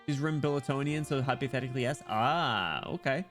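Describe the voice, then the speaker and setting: A man's voice: medium pitch, soft background music. Sick, chatty man streaming a game. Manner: chatty and animated, quick asides with laughs. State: sick, voice cracking. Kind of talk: casual gaming stream, reading game dialogue aloud.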